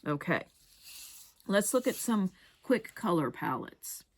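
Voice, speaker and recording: A middle-aged woman teaching rug hooking, walking through each step in a practical, unhurried way. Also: lowish voice, very animated. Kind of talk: craft tutorial demonstration.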